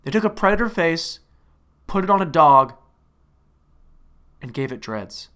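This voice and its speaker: A young man hosting a casual comedic rant, animated and exasperated, with frequent swearing. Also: on the high side. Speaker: host.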